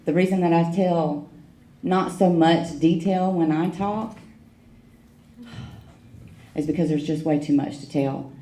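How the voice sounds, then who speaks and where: Low, mellow-voiced middle-aged woman speaker for a recovery meeting, frank and wry, in an echoey hall. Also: fairly even intonation, unhurried, long pauses. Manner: frank, wry storytelling with emotional emphasis. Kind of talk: personal recovery story told to a meeting.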